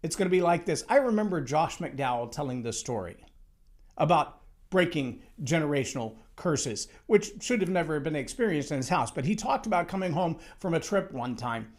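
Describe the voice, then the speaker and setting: A man's voice: on the high side, expressive, moderate pace, darkish tone. A man giving a motivational talk on leadership, emphatic and storytelling, acting out the quotes he tells. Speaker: speaker on leadership.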